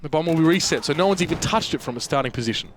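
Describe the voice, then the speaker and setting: A man's voice: on the high side, expressive, a little hiss or hum. A man with an Australian accent giving chatty live play-by-play commentary on a competitive video game match. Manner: fast, chatty play-by-play with fillers. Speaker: esports caster.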